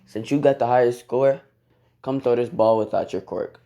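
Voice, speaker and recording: A man voicing a gruff, tired adult male teacher who gives blunt orders. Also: mid-range voice, steady tone, moderate pace, warm tone, muffled recording, close to an everyday voice.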